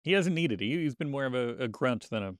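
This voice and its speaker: A man's voice: mid-range voice, lively intonation, quick pace, dry recording, studio quality. A man co-hosting a podcast, chatting casually and joking with many restarts. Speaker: podcast host. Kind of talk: casual chat.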